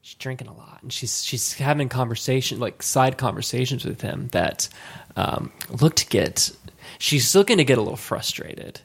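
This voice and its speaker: A man in his late thirties telling a casual story as podcast co-host, rambling and halting with many restarts. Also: mid-range voice, animated, vocal fry, husky. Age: late 30s.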